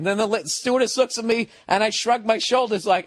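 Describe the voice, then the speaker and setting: A man, a comedian, telling a story in a loud, profane, animated way and laughing as he goes. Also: sits high, fairly quick, no echo, clean studio sound. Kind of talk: casual comic storytelling.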